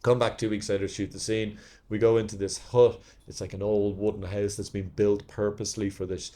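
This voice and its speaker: A man's voice: on the low side, little pitch movement, fairly quick, mellow. A man, an actor and podcast guest, telling rambling stories from his career in casual chat, swearing freely. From Ireland. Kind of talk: casual anecdotes.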